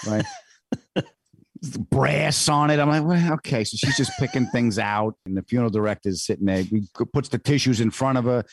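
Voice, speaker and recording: A man's voice: medium pitch, normal speed. A man hosting a podcast, telling a family story in a casual chat and acting out the people he quotes. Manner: animated storyteller, acts out quotes. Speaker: podcast host.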